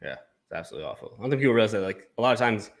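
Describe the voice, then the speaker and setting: A man's voice: fairly low pitch, very animated, racing. A man hosting a casual podcast conversation, blunt, sarcastic and profane. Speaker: podcast host.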